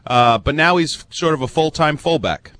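A man's voice: fairly high pitch, animated, normal speed, a bit bright. A man hosting sports talk radio, explaining players and roles in a matter-of-fact, informed way.

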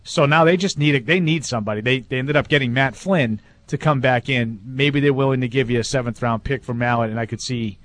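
Halting sports radio co-host, mid pitch. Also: male voice, a bit bright, dry recording. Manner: hesitant, repeats words, thinks aloud.

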